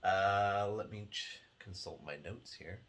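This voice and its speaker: A man's voice: on the low side, steady tone, slow pace, a bit bright. A man hosting a weekly video game release show, chatting casually in a sardonic way, swearing freely and laughing often. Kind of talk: casual rambling commentary.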